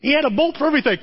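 A middle-aged pastor with a high voice delivers an animated sermon, drifting into stories and asides to his listeners. The recording is dull and muffled, and his voice rings out in a long reverb. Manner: animated storytelling with asides to the congregation.

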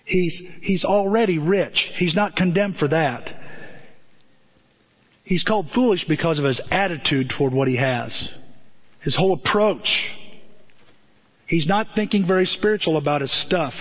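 An earnest male pastor preaching in a conversational, storytelling way, often circling back to repeat a phrase. His voice is somewhat high for a man. The sound is muffled and dull, with a long hall echo behind it. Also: normal speed, pauses often. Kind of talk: sermon. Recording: dull echoey hall recording.

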